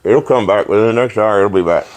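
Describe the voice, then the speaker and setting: A man hosting a podcast, telling rowdy stories in a profane, animated way and laughing along. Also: on the low side, quick pace. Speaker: podcast host. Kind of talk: casual storytelling chat.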